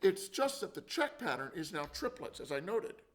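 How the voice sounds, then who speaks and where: A man's voice: high-pitched, sing-song, moderate pace, loud music behind the voice. A man teaching a percussion lesson, explaining and counting out drum rhythms. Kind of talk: instructional demonstration. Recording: loud drumming and clicks behind.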